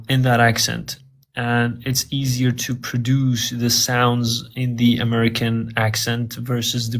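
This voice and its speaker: A man answering interview questions about learning English, earnest and repeating words as he thinks. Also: medium pitch.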